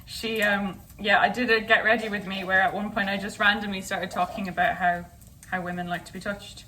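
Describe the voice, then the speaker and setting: In her home kitchen, a young woman vlogger hosts a casual, jokey chat while cooking, chatty and rambling. Her mid-range voice is brisk, bright and forceful yet flat in delivery, picked up by a distant camera mic with noise.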